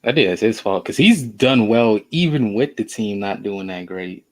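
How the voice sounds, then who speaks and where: Low-voiced, laid-back sports co-host. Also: male voice, expressive, normal speed. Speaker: podcast co-host. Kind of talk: casual sports podcast chat.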